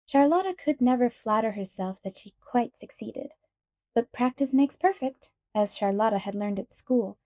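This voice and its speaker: A woman reads an audiobook in a calm, measured storytelling voice, fairly high-pitched. Her tone is dark and mellow, and the recording is close and dry. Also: dry recording. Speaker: audiobook narrator. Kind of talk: scripted audiobook narration.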